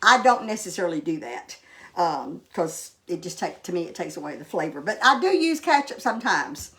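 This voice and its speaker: A woman's voice: on the low side, sing-song, normal speed, bright, forceful tone. An older woman hosting a casual cooking vlog, talking in a homey, rambling way with many fillers. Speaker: cooking show host.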